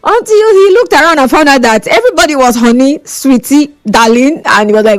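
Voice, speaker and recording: A woman's voice: high voice, expressive, fairly quick, no echo. A Nigerian woman hosting a phone-in radio talk show, chatty and teasing, often laughing.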